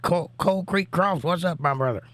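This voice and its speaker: A man's voice: a little high, brisk, a bit bright, no echo. Chatty man reading out live chat. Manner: chatty, reads viewer comments aloud. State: recovering voice, coughing. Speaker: livestream host. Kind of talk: casual live-chat commentary.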